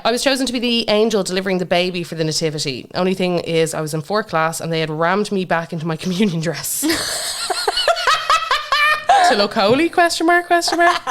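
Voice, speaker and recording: Woman podcast co-host, lively, laughs and gasps a lot, casual chat. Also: mid-range voice, very noisy. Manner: animated, laughs often, gasps at stories.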